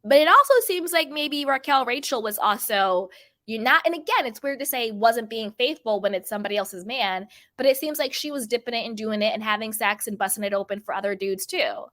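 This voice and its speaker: A woman's voice: a little high, expressive, fairly quick, pushed and bright. A young adult woman hosting casual reality TV gossip commentary, chatty and emphatic, often repeating phrases for emphasis. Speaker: pop culture commentator.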